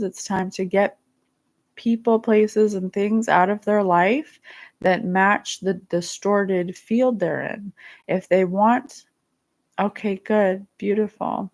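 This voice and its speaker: Earnest woman with a creaky voice. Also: mid-range voice. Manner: soft, earnest, emotional. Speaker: psychic podcast host. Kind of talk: spiritual guidance talk, reading viewer comments.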